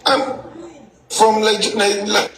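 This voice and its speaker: A man's voice: sits high, little pitch movement, takes it slowly, fairly bright tone. A man calling into a livestream, teasing and asking questions over and over. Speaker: livestream caller. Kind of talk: casual livestream chat.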